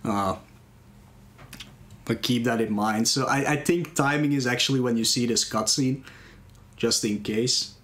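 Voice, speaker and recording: A speedrunner plays a video game live, casually explaining it and glancing at chat to talk with viewers between moves. His mid-range voice is relaxed and a little slow, with long pauses, over game music.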